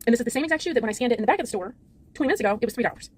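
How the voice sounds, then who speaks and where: Rapid-fire frazzled woman ranting. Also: on the high side, slightly rough. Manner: rapid, exasperated, animated storytelling. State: frazzled, holding it together. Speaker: vlogger. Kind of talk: casual storytime rant.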